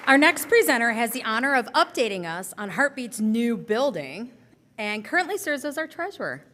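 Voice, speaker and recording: Lively woman emcee announcing a speaker. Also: fairly high pitch, normal speed, slight background noise. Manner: formal, announcing. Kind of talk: stage introduction.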